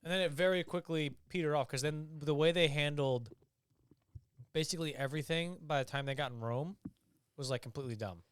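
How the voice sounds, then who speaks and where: A man's voice: on the high side, brisk, clean tone, no echo. A young man co-hosting a podcast, chatting casually and animatedly, swearing and acting out scenes. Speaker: podcast co-host. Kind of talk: casual chat.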